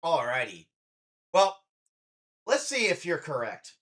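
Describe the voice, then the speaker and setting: A man's voice: a little high, wildly swooping pitch, takes it slowly, a bit bright. A man, a drag performer, hosting a casual reaction stream with chatty, playful teasing.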